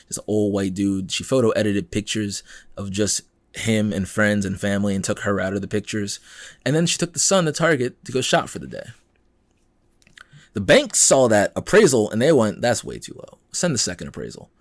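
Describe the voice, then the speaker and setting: Animated, exasperated male podcast host. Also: fairly low pitch, dry recording, studio quality. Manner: animated and exasperated, acts out quoted people, swears freely. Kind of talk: casual news commentary.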